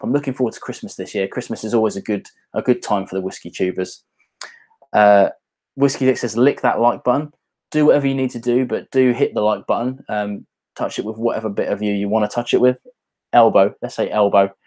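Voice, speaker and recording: A man's voice: lowish voice, darkish tone. A British man hosting a casual livestream, chatting loosely and reading viewer comments aloud. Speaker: whisky channel host.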